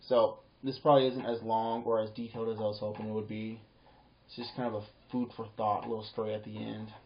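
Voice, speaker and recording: A man's voice: lowish voice, flat delivery, a little fast. A man telling a personal story to camera in a casual, rambling way, often repeating words and acting out the back-and-forth of conversations. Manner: rambling, repeats words, acts out quoted exchanges. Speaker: vlogger. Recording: dull lo-fi home recording.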